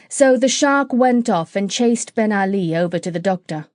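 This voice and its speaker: A woman narrating a children's classic audiobook in a clear, steady reading voice. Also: mid-range voice, moderate pace, hardly any pauses, no room sound, studio quality. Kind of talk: storybook narration.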